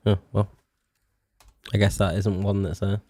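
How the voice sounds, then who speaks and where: A man's voice: lowish voice, flat delivery, measured pace, mellow, dry recording. A young British man streaming a game in casual chat, self-mocking and sweary, stretching out words as he tries to spell them. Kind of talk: casual live-stream chat while playing.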